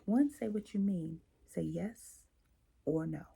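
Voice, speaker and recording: Low-key woman coaching in a gravelly voice. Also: takes it slowly. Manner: coaching, acting out examples, asks listeners questions. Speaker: host and coach. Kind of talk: self-help talk. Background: quiet, late at night.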